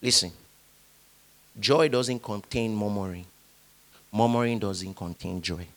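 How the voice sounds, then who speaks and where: An unhurried male pastor with a lowish voice delivers a lively sermon. He leads the congregation in call-and-response, prompting them to repeat lines back.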